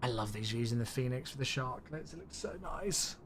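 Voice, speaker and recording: A man streams a flight simulator, chatting easily and answering viewers' questions out loud in a casual live-stream. His medium-pitched voice is animated, brisk, and a bit bright, though he sounds a little sleepy and yawns.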